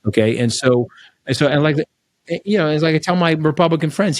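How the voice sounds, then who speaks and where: As an interview guest, this middle-aged Long Island, New York native shares candid stories in a blunt, lively way, frequently adding "okay?" to his sentences. He speaks at a normal speed in a fairly high voice.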